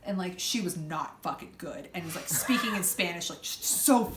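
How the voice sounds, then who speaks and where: A young woman telling a story in a casual chat, loud and animated, swearing freely and acting out the people she quotes. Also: on the low side, normal speed. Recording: echoey room, faint background hum.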